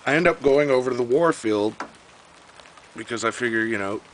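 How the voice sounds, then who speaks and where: A man's voice: medium pitch, brisk, a little hiss or hum, rough recording. A young man telling a story in a casual, profane, exasperated rant.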